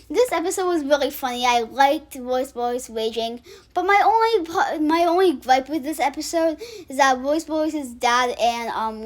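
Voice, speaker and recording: A woman hosting her own channel, casually ranking cartoon episodes in a rambling way with many restarts and filler words. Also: sits high. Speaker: channel host.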